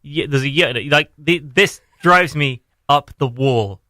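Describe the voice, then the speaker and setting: A man's voice: a little high, unhurried, bright, forceful tone, no room sound, studio quality. A man co-hosting a radio show, bantering playfully and teasing about pronunciation. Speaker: radio co-host. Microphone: studio microphone.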